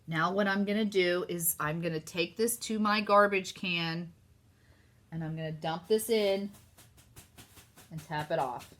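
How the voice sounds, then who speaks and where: A woman with a Southern US accent hosting a casual live craft demo, chatty and excitable as she talks to her viewers. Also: lowish voice, unhurried. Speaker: craft host.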